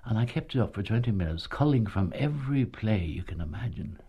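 A man's voice: lowish voice, animated, fairly quick, breathy edge, muffled recording. An older man, a former actor, telling a story and chuckling as he keeps saying "you see". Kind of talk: anecdotal reminiscence.

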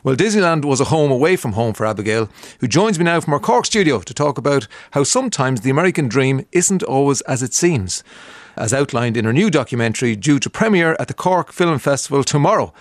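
A man's voice: medium pitch, animated, fairly quick, no room sound, studio quality. An Irish man hosting a radio show, chatting casually and reading out listener messages with frequent "uh" fillers. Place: radio studio.

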